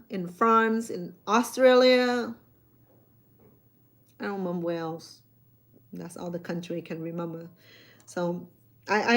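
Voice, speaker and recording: Middle-aged woman, loose rambling personal storytelling. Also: medium pitch. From Cambodia. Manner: rambling, repeats words and restarts, non-native grammar. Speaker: chef.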